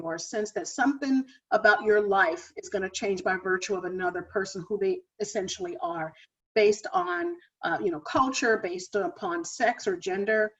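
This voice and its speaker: A woman giving a conference talk, speaking thoughtfully with frequent fillers. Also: mid-range voice. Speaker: presenter. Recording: dull lo-fi recording.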